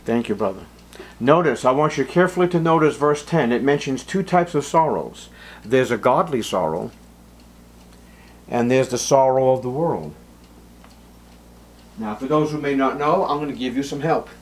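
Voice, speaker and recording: A man preaching a sermon, acting out Bible scenes with sudden jumps in pitch and volume. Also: animated, moderate pace, pauses often. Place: church.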